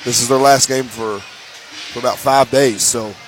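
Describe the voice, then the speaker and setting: A man announcing a high school basketball game in casual broadcast chat, rambling with frequent restarts. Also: steady tone, measured pace, a little hiss or hum, poor audio. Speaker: play-by-play announcer.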